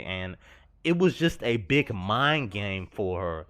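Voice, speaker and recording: A man's voice: on the low side, very animated, slow pace, a bit bright, smooth. A young man telling a personal story over gameplay, earnest and confessional, slangy and rambling. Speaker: gaming vlogger.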